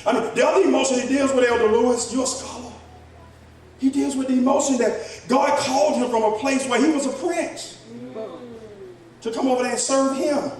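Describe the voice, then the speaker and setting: High-voiced preacher in an echoey church. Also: male voice, fairly even intonation, a little fast. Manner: rising to shouted preaching, talks to the congregation. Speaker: pastor. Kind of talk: sermon. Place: church sanctuary. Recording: echoey church hall from far off, congregation. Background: congregation responding.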